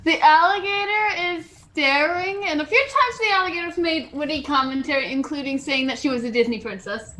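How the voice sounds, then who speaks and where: A woman plays in a tabletop game, tossing out wry, playful asides. Her voice is high. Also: brisk, few pauses, bright, forceful tone. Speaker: player. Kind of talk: tabletop role-play.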